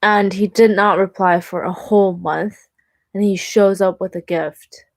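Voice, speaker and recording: A young woman talking through her dating life in a chatty, animated vlog, with lots of "like" fillers. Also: medium pitch, measured pace, no echo. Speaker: vlogger. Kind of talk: casual vlog monologue.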